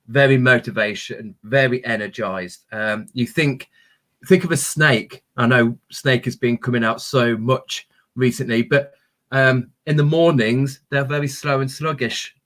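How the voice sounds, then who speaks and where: A man hosting a live stream about crystals, reading viewer comments and answering them with gentle, encouraging spiritual talk full of ums. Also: mid-range voice. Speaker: crystal healing livestream host.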